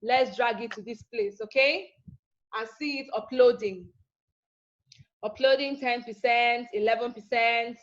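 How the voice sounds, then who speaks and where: A woman's voice: fairly high pitch, a little slow. Chatty woman teaching online, lo-fi. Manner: chatty, teasing, repeats herself with "okay?". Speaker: online class instructor. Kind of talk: live online teaching session. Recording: dull lo-fi.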